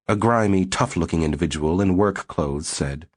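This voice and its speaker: Male audiobook narrator, low and husky, steady storytelling delivery. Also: normal speed, few pauses. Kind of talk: scripted narration.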